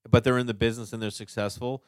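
A man with a Boston accent, a stand-up comic chatting casually as a podcast guest, animated and swearing freely. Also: medium pitch, quick pace, no echo. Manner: animated storyteller, swears, lots of "you know what I mean".

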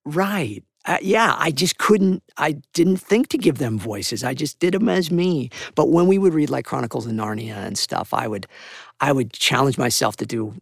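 A man, a voice actor, talking in an animated, rambling, enthusiastic way as a podcast interview guest. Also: mid-range voice, normal speed, creaky, no echo, clean studio sound.

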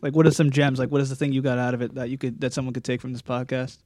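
Fast-talking young male podcast host. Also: mid-range voice. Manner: joking, blunt, animated storytelling. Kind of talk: casual podcast chat.

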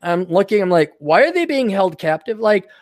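A man's voice: sits high, very animated, moderate pace, no room sound, studio quality. A man hosting a rambling livestream, talking crudely and ranting, and acting out other people's voices in quotes. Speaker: show host reading superchats.

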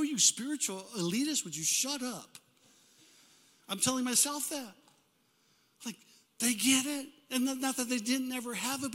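Animated older pastor preaching in reverb. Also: male voice, very high voice. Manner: animated, call-and-response preaching. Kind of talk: sermon. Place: church sanctuary. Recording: hall reverb.

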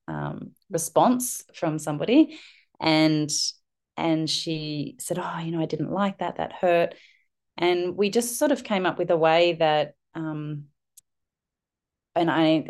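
Low-pitched woman guest chatting, earnest, lots of ums and restarts, mid-life. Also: a little mellow. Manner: earnest, searching, with frequent fillers and restarts. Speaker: podcast guest, parenting mentor. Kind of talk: reflective conversational storytelling.

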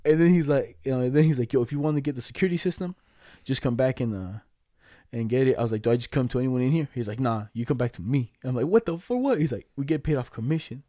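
A young man rattles off a rambling story at a fast clip, full of slang and cursing. His voice is dark and mellow, and the recording is dry and close. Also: mid-range voice, no echo. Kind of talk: casual chat.

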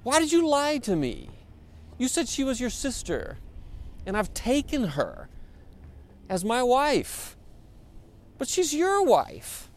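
A man voicing an angry male king of old who loudly accuses and demands answers, in a raised, high voice. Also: big pitch swings, takes it slowly, pauses often, full character voice. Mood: indignant. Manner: high-pitched, loud, exclaiming.

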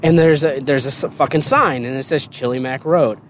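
A man telling basic training stories in a casual, profane and animated way on a podcast. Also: mid-range voice, brisk, a little hiss or hum. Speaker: podcast guest storyteller. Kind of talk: casual storytelling.

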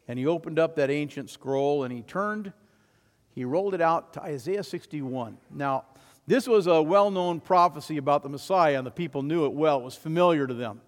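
A man preaching a sermon as pastor, swelling to loud emphatic declarations and then dropping quiet. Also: fairly high pitch, in a large hall.

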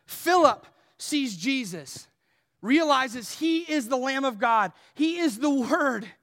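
Animated high-voiced male pastor in a reverberant hall. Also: slow. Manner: animated, swings from loud emphatic to soft and low. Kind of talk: sermon.

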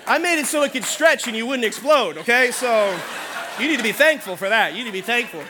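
A middle-aged male pastor preaching a sermon in an animated, humorous way, calling out for amens. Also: very high-pitched, brisk, noisy background.

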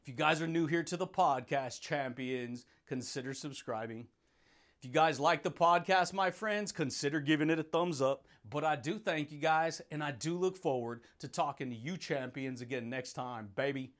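High-voiced, hyped-up man. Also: normal speed, fairly bright tone. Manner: hyped, playful, laughs often, calls listeners buddy and dude. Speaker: podcast host. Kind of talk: motivational podcast monologue.

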